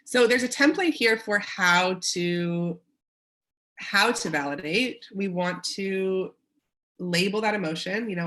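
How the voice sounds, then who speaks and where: A woman's voice: medium pitch, normal speed, fairly bright tone. A woman with a Canadian accent presents a parenting webinar in an encouraging way, acting out short quotes of parents and children.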